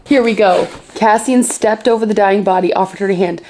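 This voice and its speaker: A young woman excitedly reacting to a novel as she reads it in a casual vlog. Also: mid-range voice, brisk, very noisy. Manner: gushing, excitable reactions to a book. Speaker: book vlogger. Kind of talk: casual reading vlog commentary.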